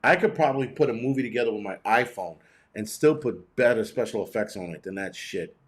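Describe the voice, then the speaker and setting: A man hosting a prepping channel, chatting casually on a livestream and reacting to viewer comments, blunt and profane, rambling with many restarts and swinging between high and low pitch. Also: a little fast. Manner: animated, jumping between high and low pitch when ranting.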